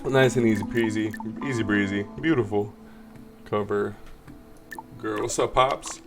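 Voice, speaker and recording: A man's voice: lowish voice, unhurried, vocal fry, soft background music. A man chatting casually as he plays a video game, joking around and reading its lines aloud. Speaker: gameplay commentator. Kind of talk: let's play commentary.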